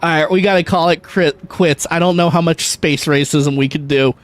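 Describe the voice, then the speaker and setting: A man chatting casually and jokingly on a gaming livestream, swearing and talking to his viewers. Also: on the high side. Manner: chatty, jokey, swears and laughs easily. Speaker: streamer.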